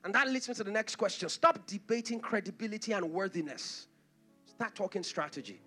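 Male pastor, high lively voice, bright, passionate sermon delivery, soft music underneath. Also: fairly quick, slightly rough. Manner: impassioned preaching, rising to shouts, with acted asides.

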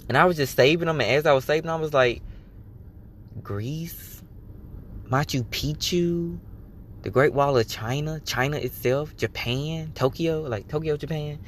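A man's voice: on the high side, a little slow, a little hiss or hum. A man hosting his own podcast, talking candidly and casually about his life, swearing freely and acting out what he told himself. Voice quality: candid, swears freely, animated self-quoting. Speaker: podcast host. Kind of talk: casual personal monologue.

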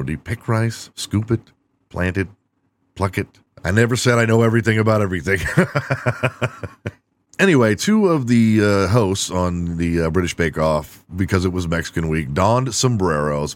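Deep-voiced profane comedic man. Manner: irreverent, profane, laughing at own jokes. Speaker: podcast host. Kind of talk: casual comedic monologue.

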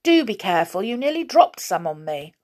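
A woman reading a storybook aloud and voicing a sensible young girl who scolds quickly. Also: mid-range voice, very animated, a little mellow. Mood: scolding.

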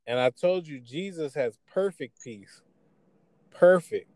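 A man's voice: on the high side, lively intonation, unhurried, darkish tone, no echo. A man hosting a faith talk show, speaking earnestly in a sermon-like way. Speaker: host. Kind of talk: preaching-style talk.

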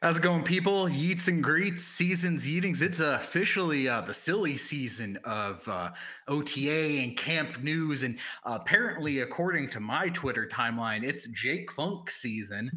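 A man from Maryland co-hosting a fantasy football podcast, chatting in an upbeat, jokey way with filler pauses. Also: a little high, lively intonation, sharp tone. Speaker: podcast co-host. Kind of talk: casual podcast chat.

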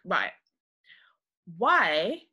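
A woman's voice: fairly low pitch, huge pitch swings, extremely slow, sharp tone, highs cut off, slight background noise. A woman co-hosting a podcast, reacting with exclamations and firing off questions. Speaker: podcast co-host. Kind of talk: casual chat.

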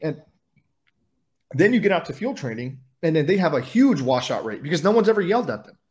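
A former patrol officer speaks quickly and bluntly, his voice set a touch higher than most men's. He tells his stories in casual interview talk, full of swearing. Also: sing-song. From California. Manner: fast, blunt, profane storytelling. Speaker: podcast guest, former highway patrol officer.

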